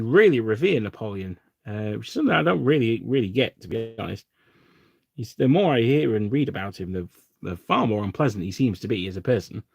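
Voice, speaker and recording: A man's voice: medium pitch, gravelly, a little mellow, husky, no room sound, studio quality. A man from England hosting a casual livestream, chatting with viewers while painting miniatures and rambling with lots of fillers. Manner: rambling and self-deprecating, with frequent fillers. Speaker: livestream host.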